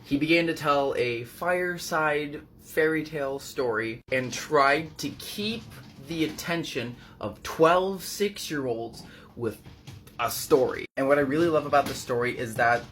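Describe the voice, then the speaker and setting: A man's voice: fairly high pitch, unhurried, fairly bright tone, a little hiss or hum. A man casually recapping a book at home, chatty and full of fillers. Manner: chatty, filler-heavy, shifting volume. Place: apartment.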